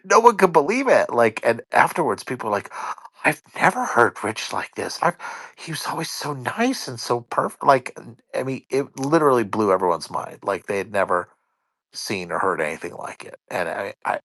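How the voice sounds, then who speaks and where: A man in a casual online voice chat, telling a long story in an animated, profane way. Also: medium pitch, moderate pace, no room sound.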